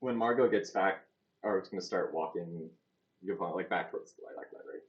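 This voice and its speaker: A woman playing a tabletop game, calm and plain-spoken. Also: very deep voice, quick pace, reverberant. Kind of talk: casual tabletop game play. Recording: dull muffled recording.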